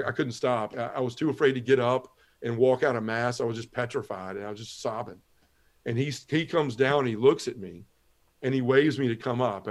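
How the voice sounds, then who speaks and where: A middle-aged man giving an earnest personal testimony as a guest on a talk show, telling his story step by step and acting out the lines of others. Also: mid-range voice. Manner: earnest storytelling, Southern turns of phrase, acts out quoted lines. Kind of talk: personal testimony in a podcast interview.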